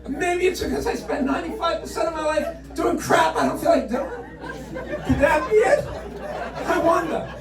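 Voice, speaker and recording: A male stand-up comedian telling a story on a club stage, with animated, mock-outraged ranting. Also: extremely high pitch, normal speed. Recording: roomy club sound from a distant mic, crowd laughing.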